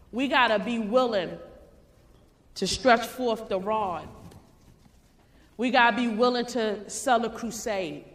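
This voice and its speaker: A woman giving an emphatic, preacher-like motivational speech at a sales convention, repeating her lines and sometimes shouting them. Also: fairly high pitch. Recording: reverberant hall.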